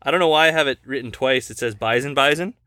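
A woman's voice: a bass voice, fast talker, a bit bright, no room sound, clean studio sound. A woman hosting a casual podcast chat with a child, speaking in a patient, coaxing, teacherly way into a desk microphone. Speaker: podcast host.

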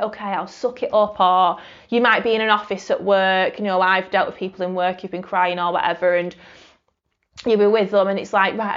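A woman's voice: medium pitch, muffled recording. A woman hosting a solo podcast, talking reflectively and conversationally with lots of fillers and restarts. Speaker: podcast host.

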